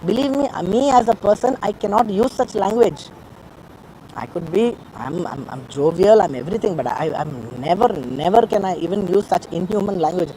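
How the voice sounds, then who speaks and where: A man's voice: high-pitched, lively intonation, moderate pace, dark tone, slight background noise, low-quality recording. Earnest, emotional man. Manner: earnest and emotional, repeats himself for emphasis. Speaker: film actor at a press meet. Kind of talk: press conference statement.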